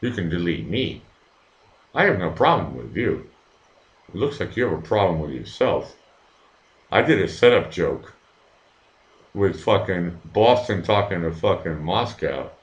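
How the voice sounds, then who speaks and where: A man's voice: low-pitched, big pitch swings, measured pace, pauses often, dull audio. A man hosting his own live stream, reading the chat and ranting at viewers with lots of swearing. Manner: profane, heated, talks straight to viewers. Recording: echoey room.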